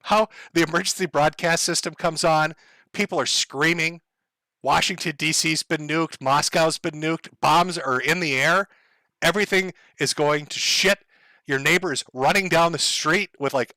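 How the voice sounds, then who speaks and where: Bright, sardonic male streamer. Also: a little high, dry recording. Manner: rambling, sardonic, profane, laughs often. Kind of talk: casual livestream monologue.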